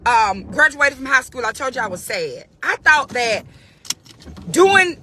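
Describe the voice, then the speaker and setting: Speaking in a high, bright voice, this woman gives an emphatic, conversational spiritual pep talk as a faith-based motivational speaker. She keeps repeating key phrases for emphasis.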